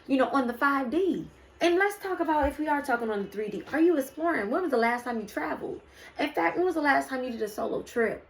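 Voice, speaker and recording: A woman doing a casual spiritual card reading, preaching to her viewers and calling them "y'all" and "baby". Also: high voice. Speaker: spiritual reader.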